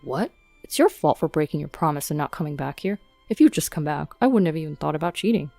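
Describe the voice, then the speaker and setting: Seorang suami yang membela diri dengan keras kepala, dibacakan oleh seorang perempuan dengan suara rendah dan lembut. Rekamannya kering dan dekat, dengan musik latar yang samar di belakang. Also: female voice, low voice, animated, quick pace, gravelly, dark tone, no echo, soft background music, pitched below the performer's own voice, exaggerated voice. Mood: defensive. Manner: defensive, self-justifying. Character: defiant cheating husband, middle-aged man.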